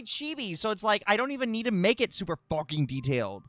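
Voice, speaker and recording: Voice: mid-range voice, sing-song, fast talker, few pauses, a bit bright, no room sound, clean studio sound. A live streamer chatting casually while drawing, dramatic and self-critical, who swears freely.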